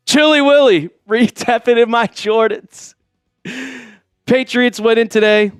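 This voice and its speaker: A man hosting a live sports stream, excitedly reading out donations and shouting, out of breath at times. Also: very high voice, moderate pace, clear, resonant tone, dry recording, studio quality, soft background music. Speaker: livestream host.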